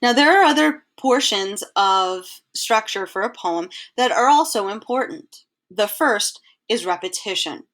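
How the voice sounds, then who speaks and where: A woman teacher narrates a recorded slideshow lesson. She explains clearly and patiently and has an ordinary, mid-pitched voice. She slows down and measures her words when she reads lines of verse aloud. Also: animated, fairly bright tone.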